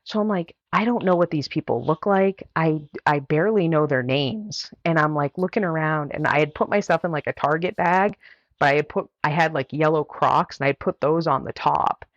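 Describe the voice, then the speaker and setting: Woman guest, deep voice, rambling casual storyteller, dull lo-fi recording. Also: moderate pace, dry recording. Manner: chatty, heavy use of "like" fillers. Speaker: guest runner. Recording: dull, dry lo-fi audio.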